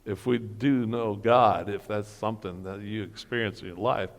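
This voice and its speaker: Speaking at normal speed in a lowish, fairly even voice, this man delivers a motivational talk as guest speaker at a church men's breakfast. He tells funny stories and performs the dialogue himself, and the sound echoes around a reverberant hall.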